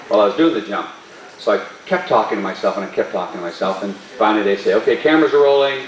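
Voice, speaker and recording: A man, a stunt performer, telling a story at a live Q&A in an animated way and laughing often. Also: lowish voice. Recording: roomy hall, distant mic.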